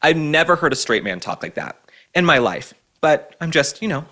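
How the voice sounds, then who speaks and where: A male host tearing into his targets with sarcastic, indignant commentary. His voice swings widely in pitch and has a bright, forceful edge. He mocks and scolds as he talks. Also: sing-song, normal speed. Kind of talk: ranting political commentary.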